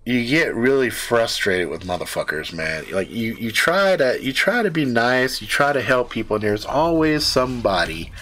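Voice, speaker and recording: A man's voice: medium pitch, very animated, normal speed, few pauses, sharp tone. A man hosting a live stream, telling a rambling, profane story in casual chat.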